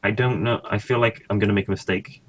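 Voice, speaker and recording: A man's voice: fairly low pitch, fairly even intonation, quick pace, a bit bright. A man casually commentating his own gameplay, thinking aloud and swearing now and then. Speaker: gaming streamer.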